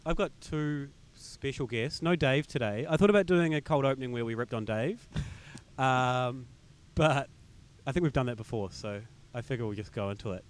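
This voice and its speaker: A man hosting a casual podcast chat outdoors in a park, relaxed and jokey. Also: mid-range voice, normal speed. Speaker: podcast host.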